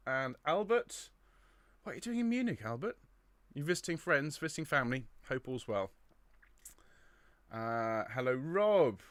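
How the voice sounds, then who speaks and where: A man's voice: a little high, fairly bright tone, clear, resonant tone, no room sound. A middle-aged man leading an online choir rehearsal from his home studio, chatting and greeting viewers by name. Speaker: choir director. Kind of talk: livestream rehearsal chat.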